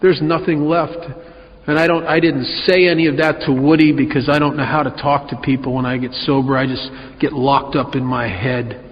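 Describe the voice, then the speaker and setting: A man speaking at a recovery meeting, telling his own story with wry, animated delivery in a hall. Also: mid-range voice, normal speed. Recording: muffled, reverberant hall recording.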